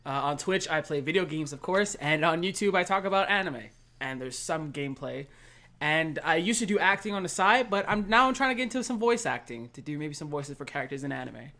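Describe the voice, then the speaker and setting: A man's voice: fairly high pitch, animated, brisk, pushed and bright. A young man in his twenties, chatting animatedly as a podcast guest. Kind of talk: casual chat.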